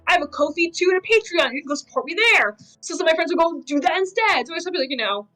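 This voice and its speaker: Woman cosplayer, fast and bright, chatty filler-heavy storyteller, faint music underneath. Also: extremely high pitch, animated, poor audio. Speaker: cosplayer guest. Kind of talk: casual podcast chat.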